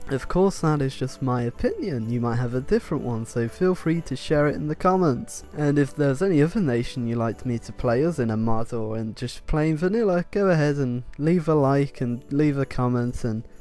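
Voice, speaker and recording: A man's voice: medium pitch, a little mellow. A man giving sarcastic, swear-laden commentary over a strategy game he is playing. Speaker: gaming YouTuber. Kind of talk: let's play commentary.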